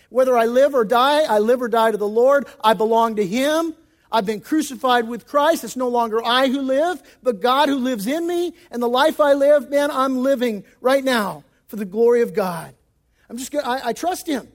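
A male pastor giving a sermon in an emphatic, folksy style with casual slang, moving between loud stresses and hushed passages. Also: very high-pitched.

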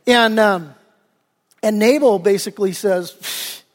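Man, pastor, sermon, high voice, long reverb of a large church hall. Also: moderate pace. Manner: animated, acts out quoted voices.

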